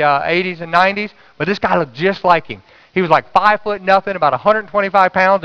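A man preaching a sermon, calling out to the congregation and dropping to a hush for quoted words. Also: high voice, smooth, long reverb tail, dull audio. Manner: call-and-response preaching, swings from loud to hushed. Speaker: pastor.

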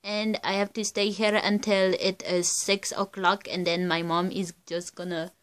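A young woman vlogging from home in the dark, melodramatic, swinging between yelling and flat mumbling. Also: medium pitch, a little slow, smooth. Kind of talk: casual home vlog.

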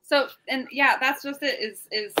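Bright, higher-voiced woman co-host. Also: unhurried, low-quality recording. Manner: loose, joking and profane, trips over her words. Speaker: podcast co-host. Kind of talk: casual chat.

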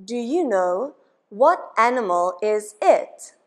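A woman from Africa, teaching children English words slowly and patiently, asking questions and having them repeat each word. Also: fairly high pitch, big pitch swings. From South Africa. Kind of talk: slow children's English lesson.

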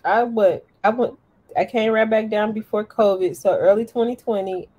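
A woman on a casual panel who tells her stories in a lively way, calling out to listeners. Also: medium pitch, moderate pace. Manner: lively storyteller, addresses listeners as y'all. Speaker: panelist living abroad.

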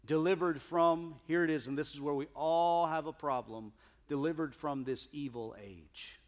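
A man preaching a sermon as pastor, emphatic, swinging from loud declarations to hushed asides. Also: fairly high pitch, moderate pace.

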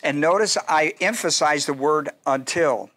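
A man's voice: on the high side, unhurried, a bit bright. A male pastor teaching a Bible study class in a conversational, digressive way, often restarting sentences and asking the audience questions.

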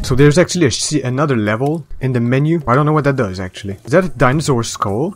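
A man hosting a game video, reacting with excitable, profane outbursts. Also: mid-range voice, fast talker, faint music behind. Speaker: gaming video host. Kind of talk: let's play commentary.

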